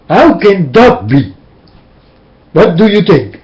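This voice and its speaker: A man's voice: sits high, very animated, slow, long pauses, darkish tone. A man whose first language is Dutch, giving a fervent, preachy religious monologue to his webcam and addressing viewers directly. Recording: dull lo-fi webcam audio.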